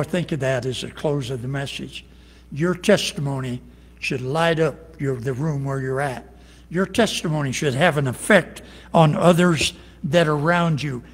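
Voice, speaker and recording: Homespun preacher, fairly high male voice, earnest folksy sermon in a big echoing church. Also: fairly bright tone. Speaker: pastor. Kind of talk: evening worship sermon and closing prayer. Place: church sanctuary. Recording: long reverb of a large hall.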